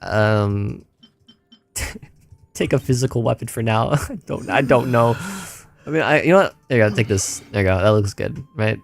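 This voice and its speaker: A man's voice: lowish voice, moderate pace, gravelly, no room sound. Male streamer, tired, stammering, laughing, game music faintly behind. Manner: rambling, stammering, laughing often. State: tired, voice going. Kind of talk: casual gaming livestream chat.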